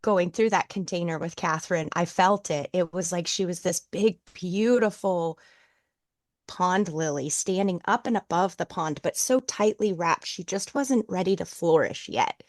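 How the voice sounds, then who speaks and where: Lower-voiced emotional woman. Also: a little slow, dry recording, clean studio sound. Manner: emotional, moved to tears. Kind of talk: casual chat.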